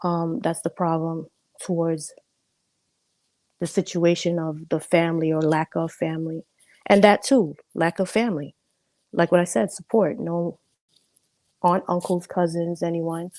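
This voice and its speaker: An animated woman speaks as a panel guest, her voice a little low and recorded dry and close. She makes her points with emphasis and repeats them for effect, laughing as she goes. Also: unhurried, no room sound. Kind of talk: casual panel chat.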